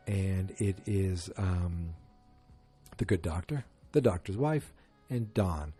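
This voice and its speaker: A man's voice: on the low side, warm tone, husky. A man hosting a casual solo podcast, retelling scenes and acting out the quotes with sarcastic asides. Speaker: podcast host.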